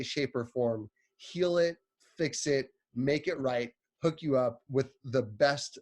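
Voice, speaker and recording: A man's voice: medium pitch, darkish tone. A man giving a casual, chatty sermon, retelling a story with a playful, conversational manner.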